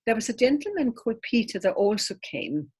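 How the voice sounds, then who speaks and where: A middle-aged woman, a medium, telling lively anecdotes in a casual interview and laughing often. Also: a little high, brisk, breathy edge. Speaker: medium, guest.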